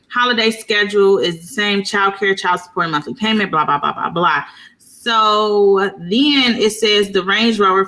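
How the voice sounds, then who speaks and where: A woman's voice: mid-range voice, bright, forceful tone, poor audio. A woman going through a custody agreement in a matter-of-fact, dismissive way. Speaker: parent explaining a custody agreement. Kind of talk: reading out a document.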